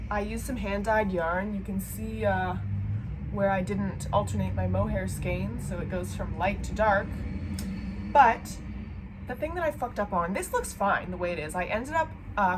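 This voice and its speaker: A woman's voice: medium pitch, noisy background. A woman with a cold chatting casually and swearing freely as she shows her knitting projects at home. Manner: chatty, profane, self-deprecating. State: has a cold. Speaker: knitting vlogger. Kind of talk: casual chat. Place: home, seated.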